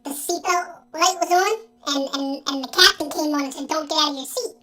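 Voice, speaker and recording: A man's voice: big pitch swings, moderate pace, pushed and bright, heavily acted. A man doing a panicked whiny teenage boy. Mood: tearful. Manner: high, breathy, frantic pleading.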